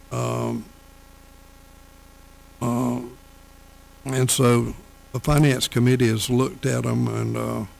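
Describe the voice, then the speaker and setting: A man presenting finance committee items at a county council meeting, talking haltingly with many fillers. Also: medium pitch, gravelly, darkish tone, low-quality recording.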